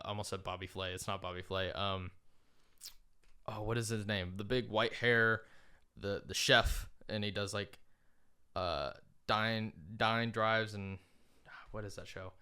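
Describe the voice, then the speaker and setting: A man co-hosts a podcast in a loose, casual chat, rambling through his thoughts with plenty of fillers and frequent laughs. His voice sits on the low side and sounds smooth and resonant. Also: bright, forceful tone. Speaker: podcast co-host.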